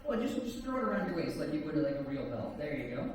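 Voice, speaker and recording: A man performing as a stage hypnotist, talking in slow soothing induction patter and teasing the volunteers between suggestions. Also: a little high, big pitch swings, a little mellow. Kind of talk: live stage hypnosis show. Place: stage at a campground event. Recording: echoey hall, from far off, crowd audible. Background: audience laughing.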